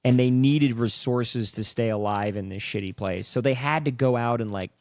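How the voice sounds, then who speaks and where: A man's voice: mid-range voice, moderate pace, a little mellow, dry recording, studio quality. A man talking as a podcast guest in casual chat, telling loose stories with plenty of swearing and laughter. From Brazil. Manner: loose, profane storytelling with frequent laughs.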